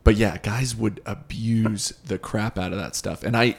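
Low gravelly young man hosting. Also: a little slow. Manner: easygoing, relaxed storytelling with fillers. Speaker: podcast host, former football player. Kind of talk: casual podcast chat.

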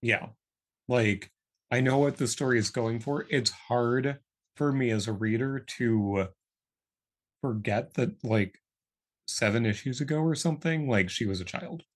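A man's voice: medium pitch, measured pace. A man co-hosting a podcast, talking through comics in a blunt, candid way and swearing freely. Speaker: podcast co-host. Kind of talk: casual comic-book discussion.

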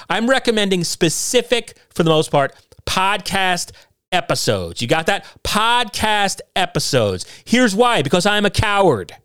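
Hosting a one-man podcast out of his home basement, a middle-aged man comes across as sarcastic, argumentative, and self-mocking. His voice is on the high side, a bit bright and smooth, captured in echo-free studio-quality audio.

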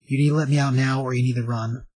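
A man voicing a hunted male scientist who pleads urgently and insistently, in a husky, dry voice. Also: mid-range voice, steady tone, quick pace, darkish tone, no room sound, natural voice. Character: desperate male scientist on the run.

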